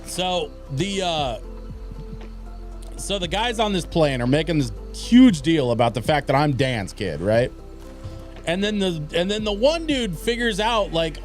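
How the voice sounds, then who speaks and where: A man's voice: fairly high pitch, lively intonation, measured pace, soft background music. A man streaming a game, telling a long casual story in a rambling way, full of fillers and restarts. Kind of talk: casual storytelling while gaming.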